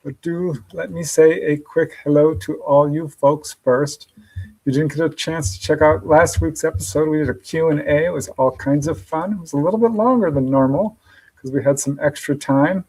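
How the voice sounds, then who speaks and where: A man's voice: on the high side, fairly even intonation, normal speed, dark tone, poor audio. A man hosting a live podcast stream, upbeat and chatty, greeting viewers by name and laughing often. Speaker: podcast host. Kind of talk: casual livestream chat.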